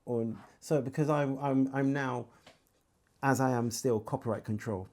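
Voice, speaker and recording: A man's voice: medium pitch, unhurried. A middle-aged man from Birmingham speaks in an easygoing interview voice with a Birmingham accent. He tells his stories with life, slipping into other people's voices and humming bits of melody as he goes. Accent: Birmingham English. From England. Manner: animated storyteller, acts out dialogue and sings snippets. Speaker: interview guest, singer. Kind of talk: casual storytelling interview.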